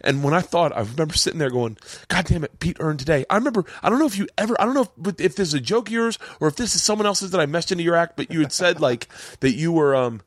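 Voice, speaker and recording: A man's voice: a little high, sing-song, racing, few pauses, no room sound, clean studio sound. A man hosting a podcast, telling a story in a rambling, heartfelt way with lots of restarts. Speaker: podcast host. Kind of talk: casual podcast chat. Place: home studio.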